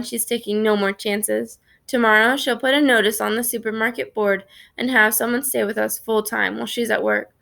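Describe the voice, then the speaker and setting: Gravelly-voiced woman reading a storybook aloud. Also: on the high side. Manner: steady first-person narration. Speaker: reader.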